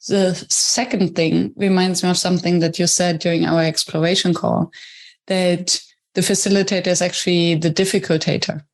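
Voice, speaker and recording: A woman's voice: on the low side, flat delivery, moderate pace. A woman hosting a podcast, laying out her thoughts step by step in a conversational way. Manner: thoughtful, builds ideas step by step. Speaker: podcast host. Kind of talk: conversational interview.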